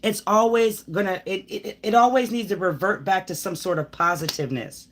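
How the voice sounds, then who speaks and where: A woman's voice: medium pitch, normal speed. A woman giving a live tarot reading, talking straight at the viewer in an emphatic, preachy way, rambling with sighs and restarts. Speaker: tarot reader. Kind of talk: live tarot reading, spiritual pep talk.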